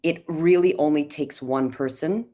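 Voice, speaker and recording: Low voiced woman hosting a live chat, earnest, explains stuff. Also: a little slow, mellow. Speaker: host and CEO.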